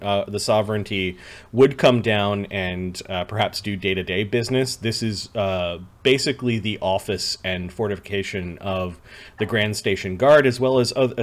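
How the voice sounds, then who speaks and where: A man narrating a tabletop game as game master, rambling with many fillers and restarts. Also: lowish voice.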